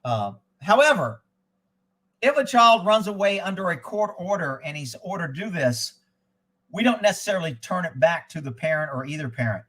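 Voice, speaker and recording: High, bright-voiced blunt male streamer. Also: big pitch swings, normal speed, low-quality recording. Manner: profane, blunt and digressive. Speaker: host of a live news and chat stream; former child abduction investigator. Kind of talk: casual rambling storytelling.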